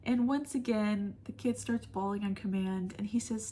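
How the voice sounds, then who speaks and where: A woman gushing through a casual film review, saying "like" often and dropping into soft whispers. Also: medium pitch, moderate pace, creaky, few pauses. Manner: gushing, heavy use of "like", drops to soft whispers when moved; laughs often mid-sentence. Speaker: movie reviewer.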